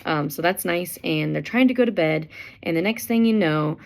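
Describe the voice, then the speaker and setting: A woman's voice: on the low side, normal speed, vocal fry. A woman teacher casually summarizing a book chapter, chatty and full of fillers, acting out quotes as she goes.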